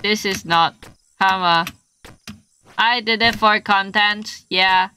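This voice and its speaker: Bright-voiced woman streamer swearing at a game. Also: mid-range voice, steady tone, slow, a little hiss or hum. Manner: swearing, frustrated outbursts and playful yelps. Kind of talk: live gameplay stream chatter.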